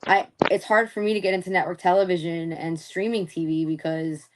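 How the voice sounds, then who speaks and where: A woman's voice: on the low side, steady tone, a little fast, noisy background. A young woman chatting loosely as an interview guest, laughing often and swearing freely. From Philadelphia area. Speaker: interview guest, former wrestler. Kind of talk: casual chat.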